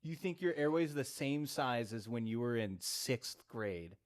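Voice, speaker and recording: A man's voice: medium pitch, lively intonation, unhurried. Man teasing a friend, dry tone. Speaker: podcast co-host. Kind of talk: casual chat.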